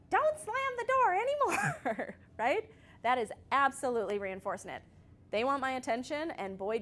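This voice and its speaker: A woman's voice: medium pitch, a little hiss or hum. Chatty woman giving a parenting workshop. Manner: chatty, laughs often, addresses audience with "right?". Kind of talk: casual presentation to a group. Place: church meeting room.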